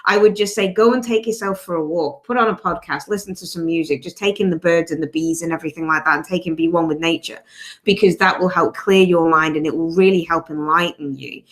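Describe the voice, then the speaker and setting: Podcast host, woman, lively storyteller who acts out bits of dialogue. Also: lowish voice, fairly quick. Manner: animated storyteller, acts out quotes. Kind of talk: casual podcast conversation.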